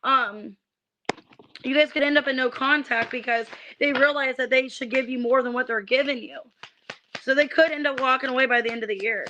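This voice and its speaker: Woman tarot reader, high tense voice, irritated ranting, swears, stumbles on restarts. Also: a little fast, pushed and bright, lo-fi sound, a little hiss or hum. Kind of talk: livestreamed tarot reading.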